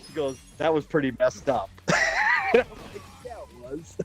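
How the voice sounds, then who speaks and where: A man telling a story in animated, casual chat, swearing and laughing as he goes. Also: fairly high pitch, measured pace, soft background music, rough recording. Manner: excitable, swears and laughs a lot. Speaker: podcast panelist.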